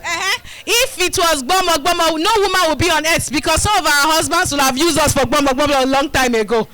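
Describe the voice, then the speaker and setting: Bright, high-voiced Nigerian woman educator. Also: fast, low-quality recording. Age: middle-aged. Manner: rousing, call-and-response, coaxing the crowd. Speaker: community health educator. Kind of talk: live demonstration talk to a group. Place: community gathering.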